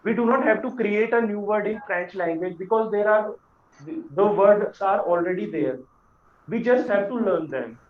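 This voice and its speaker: A man teaching a beginners' French lesson, patient and repeating words slowly for learners. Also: sits high. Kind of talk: classroom lesson explanation. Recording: echoey room, dull lo-fi sound.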